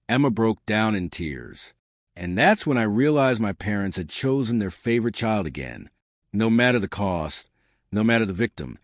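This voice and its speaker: A man's voice: lowish voice, no room sound, clean studio sound. A man reading a first-person family drama story aloud, voicing the dialogue of every character in much the same plain voice. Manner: reads all characters' dialogue in a mostly plain voice. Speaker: narrator.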